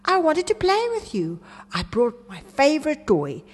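A woman voicing an eager, friendly young male pet dog in a storybook reading, speaking in a high, excited voice. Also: a little slow, in a large hall, full character voice. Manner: bright and excited, high-pitched.

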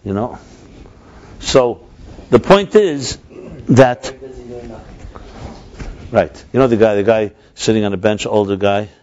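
A man's voice: lowish voice, slow, long pauses, darkish tone. Man lecturing over a dull lo-fi recording. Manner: discursive, self-correcting, mixes in Hebrew and Yiddish terms. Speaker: teacher of a religious class. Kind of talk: explanatory lecture.

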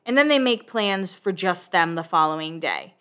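A woman with a bright, forward voice chats casually as a show host, swearing freely and breaking into laughs. She keeps a loose, conversational recap going. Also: lowish voice, expressive, normal speed.

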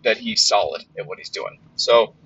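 A man's voice: fairly low pitch, normal speed, pushed and bright, slightly rough, dull audio. A man hosting a podcast in a casual monologue, blunt and rambling, with lots of fillers and some swearing. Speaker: podcast host.

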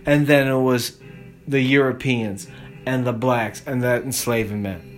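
A man's voice: medium pitch, fairly even intonation, a little slow. Profane rambling man with faint music behind. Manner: profane, meandering, swings between muttering and loud outbursts. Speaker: podcast host. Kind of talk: rambling solo podcast monologue.

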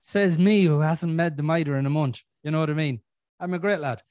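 A man's voice: on the high side, brisk, darkish tone, no room sound, clean studio sound. A middle-aged Irish man hosting a casual podcast, swearing and teasing his guest in playful banter. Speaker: podcast host.

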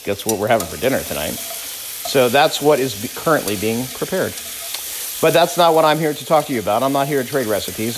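A man's voice: on the low side, noisy background. A man in his thirties, a father telling a story in a casual, conversational way, with frequent restarts. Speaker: father talking to camera. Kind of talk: casual vlog monologue.

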